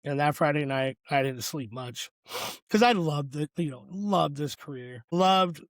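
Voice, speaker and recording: A man with a somewhat high-pitched voice tells a personal story on a podcast. He sounds earnest and reflective and leans on lots of fillers. The recording is close and dry. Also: unhurried, no room sound. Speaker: podcast co-host.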